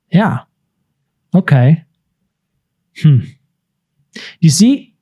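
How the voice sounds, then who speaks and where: With a warm tone, a thirtysomething business coach explains concepts in conversation. He dramatizes inner voices through abrupt, high-pitched outbursts.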